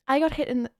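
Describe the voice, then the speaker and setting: Giggly high-voiced woman streamer. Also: a little mellow, no echo, studio quality. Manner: giggly, laughs often. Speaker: streamer host. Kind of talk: casual livestream chat.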